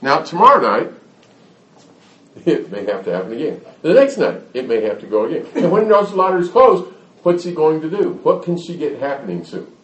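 This parenting speaker has a fairly high, bright male voice and is very animated, talking at a normal speed. He gives a folksy talk to an audience, playing out little scenes to explain his points, recorded from afar in an echoey hall.

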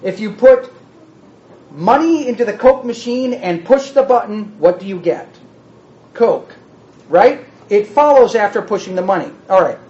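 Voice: mid-range voice, expressive, measured pace, a little mellow. A preacher teaching a sermon in an echoing hall, recorded with a dull, muffled sound. The delivery is teacherly and plays with word meanings, pressing the listeners with one rhetorical question after another.

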